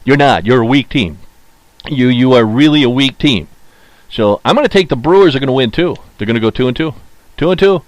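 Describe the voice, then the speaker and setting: A man hosting a solo sports podcast, opinionated and chatty, repeating his points and filling pauses with "uh.". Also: medium pitch, lively intonation, dry recording. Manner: opinionated, mocks teams in put-on quoted voices; frequent filler "uh" and repeated phrases. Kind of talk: casual solo sports talk.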